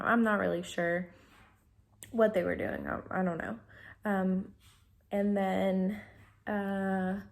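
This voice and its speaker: A young woman tells her story straight to camera in an unscripted, casual way. She rambles, trips over her words and fills pauses with ums and likes. Her voice sits in a middle pitch. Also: darkish tone. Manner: rambling, many fillers and restarts. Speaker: vlogger.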